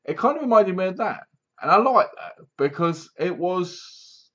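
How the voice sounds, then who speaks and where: A man talks through a horror film in a loose, chatty review, acting out scenes with bangs and booms. His voice sits a little high, and the recording is dull and lo-fi. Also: unhurried. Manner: rambling, animated retelling with sound effects and asides. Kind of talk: casual spoken film review.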